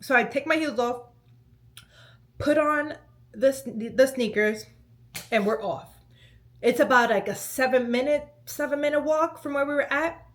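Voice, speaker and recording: Chatty, slightly high-voiced young woman storyteller. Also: a little slow, pauses often. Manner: animated, chatty storytelling with lots of "like" and "let me tell you". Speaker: vlogger. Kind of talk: storytime vlog.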